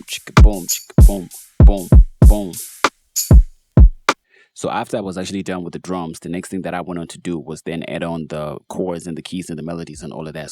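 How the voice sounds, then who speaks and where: A man casually walking through how he built a beat, in a laid-back, relaxed way, as host of a production tutorial. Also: low voice. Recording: faint music behind voice. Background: beat playback.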